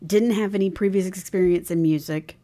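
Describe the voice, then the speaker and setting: A woman's voice: fairly low pitch, brisk, mellow. A woman co-hosting a podcast, casually recapping a TV episode and retelling scenes with acted-out dialogue. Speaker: podcast co-host.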